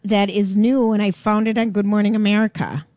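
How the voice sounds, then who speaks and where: A woman's voice: medium pitch, fairly even intonation, fairly quick, darkish tone, no echo. Woman, middle-aged, co-host, casual chat, teasing, playful, dry sound. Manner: playful, teasing, laughs easily.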